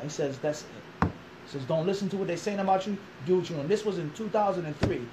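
A man telling a long story as an interview guest, animated, acting out quoted dialogue and throwing in rhetorical questions. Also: a little high, quick pace, background noise.

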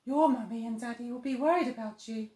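A woman voicing a kindly female bush baby in a storybook, gentle and coaxing. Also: a little high, fairly quick, pitched above the performer's own voice, lightly acted. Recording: echoey room.

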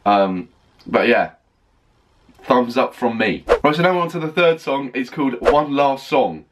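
A man reacting to an album on a first listen, gushing and excitable, stopping often to rave about what he hears. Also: medium pitch, measured pace, noisy background. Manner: gushing, excitable, full of "oh my God" and "like". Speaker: music reaction vlogger. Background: faint music playing.

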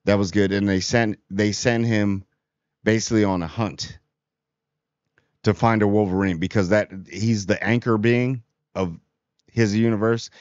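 A man's voice: fairly low pitch, steady tone, measured pace, long pauses, darkish tone, dry recording. A man giving a casual, rambling movie review in a chatty, amused way. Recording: dry, slightly dull audio.

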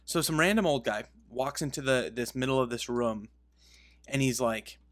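A game video creator with a medium-pitched, slightly bright male voice offers casual gaming commentary at normal speed. He rambles through a story, interrupts himself, and laughs at his own telling.

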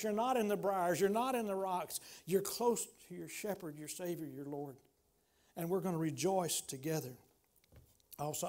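A man, preaching a sermon as pastor in a church, swinging from loud exclamations to hushed pleading. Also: fairly high pitch. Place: church sanctuary.

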